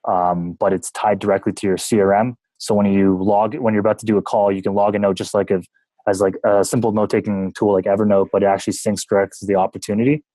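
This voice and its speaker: A Canadian man, a sales manager, talking casually as a podcast guest, relaxed and quick to laugh. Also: low-pitched, no room sound, poor audio. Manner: relaxed and talkative, laughs easily, jokes about himself.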